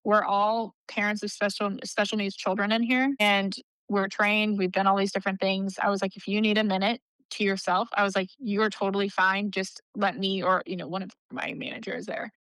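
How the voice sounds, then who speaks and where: A woman's voice: medium pitch, little pitch movement, fairly quick, hardly any pauses, a bit bright, smooth, no room sound, low-quality recording. A woman in her thirties, a nonprofit leader and podcast guest, chatting casually and telling stories with lots of "like" and bursts of laughter. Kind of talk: casual interview storytelling.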